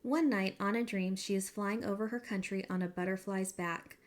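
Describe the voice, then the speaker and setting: A woman teacher reading a picture book aloud to a class, with expressive storytelling and pointers to the illustrations. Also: mid-range voice, normal speed.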